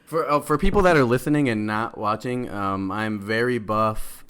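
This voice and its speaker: A man's voice: fairly low pitch, moderate pace, a bit bright. A young man from the American Midwest, a podcast guest who jokes, curses and laughs a lot in casual chat. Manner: swearing, joking, laughs often.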